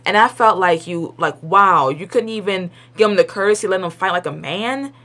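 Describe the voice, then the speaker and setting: A young woman talks through an episode review from her home in a loose, rambling way, with plenty of "like" and restarts. She is blunt and opinionated and uses colloquial phrasing. Her voice sits at an ordinary middle pitch. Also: moderate pace, a bit bright. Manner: chatty and rambling, full of "like" and restarts. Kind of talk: casual spoken review.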